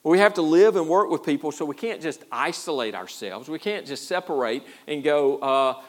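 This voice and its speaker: A man's voice: medium pitch, lively intonation, moderate pace, few pauses. A man preaching a sermon as pastor, in a folksy, self-deprecating way with a lot of repeated words. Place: church.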